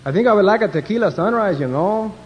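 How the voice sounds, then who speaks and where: A man's voice: sits high, animated, fast talker, big-room sound, a little hiss or hum, voice pushed up. A man voicing a male airline passenger with a put-on Mexican Spanish accent, on a dull lo-fi recording. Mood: earnest.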